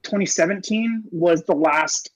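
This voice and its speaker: Fast-talking man, rambling podcast chat. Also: high-pitched, rough recording. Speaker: podcast co-host. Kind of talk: casual chat.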